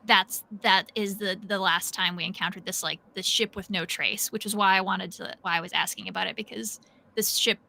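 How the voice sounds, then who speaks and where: A woman in casual tabletop game chat, her voice bright with a gravelly edge. She explains things eagerly, rambling and restarting as she goes. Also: mid-range voice, steady tone, brisk, slight background noise. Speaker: player.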